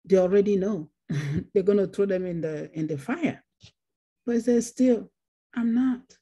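Slow, dark-voiced woman preaching. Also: medium pitch, slightly rough. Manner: repeats phrases for emphasis. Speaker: pastor. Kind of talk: Bible study sermon. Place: church.

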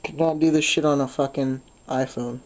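A man's voice: mid-range voice, steady tone, moderate pace, a little hiss or hum. A man with a stuffy nose hosting a casual phone tutorial, rambling with lots of "um" and swearing when frustrated. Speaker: tutorial host.

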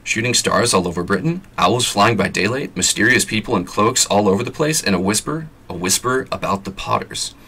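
Low, husky man reading a story aloud. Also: lively intonation, fairly quick, few pauses, bright, forceful tone. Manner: plain reading pace, chatty asides. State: scratchy throat. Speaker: vlogger reading an audiobook. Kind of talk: reading a novel aloud with casual asides.

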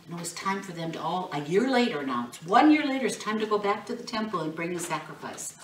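A woman teaching children, telling a Bible story in an animated, expressive way and asking the kids questions. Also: lowish voice, quick pace. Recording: roomy, distant mic, faint noise.

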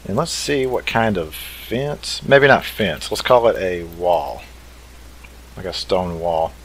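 A man's voice: deep voice, takes it slowly, breathy edge, poor audio. A man hosting a let's play, thinking aloud in an easygoing way as he builds. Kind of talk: casual game commentary.

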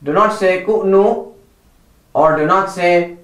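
Slow, high-voiced male recitation teacher. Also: animated, fairly bright tone, roomy sound, rough recording. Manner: patient, repeats each word and corrects mistakes. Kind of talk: slow children's lesson.

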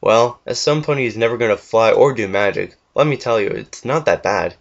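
A man's voice: fairly low pitch, fairly quick, gravelly. A man voicing a cheerful, loyal young female pony who reassures her friend plainly and kindly, on a dull lo-fi home recording. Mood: reassuring.

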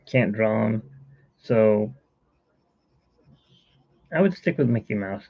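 A man's voice: lowish voice, expressive, slow pace, dull audio. A middle-aged man hosting a casual live stream from home, rambling and chuckling as he talks to viewers while he sketches. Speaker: host.

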